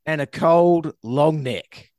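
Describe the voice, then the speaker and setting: A man's voice: a little high, slow pace, darkish tone, dry recording, studio quality. A man co-hosting a comedy podcast, reading a news story aloud and joking around. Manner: jokey, reads news story aloud with asides. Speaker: podcast co-host. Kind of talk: casual comedic podcast chat.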